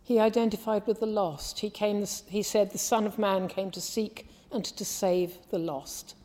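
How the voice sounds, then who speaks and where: A woman from the English Midlands preaching a sermon in a measured, earnest way, often trailing off softly at the ends of phrases. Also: mid-range voice, steady tone. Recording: long hall reverb.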